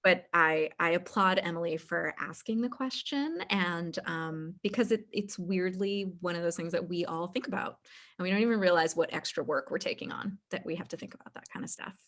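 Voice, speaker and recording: A woman's voice: on the low side, brisk. Woman moderating a film panel. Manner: warm, encouraging, many ums. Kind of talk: moderating a festival Q&A.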